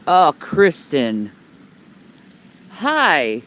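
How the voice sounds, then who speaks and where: Holding her phone outdoors beneath a building, a homeless woman livestreams a blunt, rambling rant full of heavy swearing and repetition. Her voice is deep and fairly bright, with huge swings in pitch and drawn-out words.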